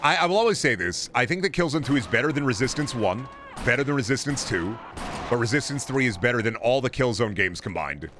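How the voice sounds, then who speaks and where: A man's voice: medium pitch, lively intonation, a little fast, fairly bright tone, a little hiss or hum. A man streaming a shooter game, talking to his chat in a profane, blunt and mocking way. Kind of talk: casual game commentary to chat.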